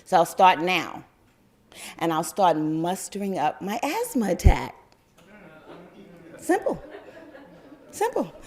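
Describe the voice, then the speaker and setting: An older woman from New York telling a personal story to an audience, animated and often laughing. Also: lowish voice, takes it slowly, long pauses.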